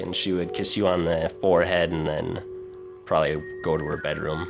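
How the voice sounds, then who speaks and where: A man's voice: deep voice, flat delivery, normal speed, gravelly. A man narrating as game master of a tabletop game, casual with many fillers. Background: music.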